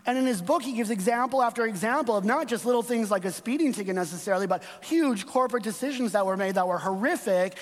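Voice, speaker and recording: High-voiced pastor preaching in a reverberant hall. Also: male voice. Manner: conversational, storytelling with frequent "right?" asides. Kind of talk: sermon. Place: church sanctuary. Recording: long reverb of a church hall.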